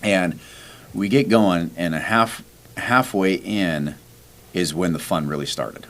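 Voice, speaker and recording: Slow and deep-voiced, this podcast host relates a story in relaxed conversation. He's animated, performing what each person said as he quotes them.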